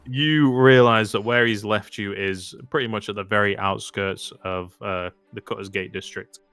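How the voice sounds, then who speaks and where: A man acting as game master, narrating a tabletop game in a relaxed, hesitant way. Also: fairly low pitch, moderate pace, clean tone. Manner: relaxed, hesitant, many ums and restarts.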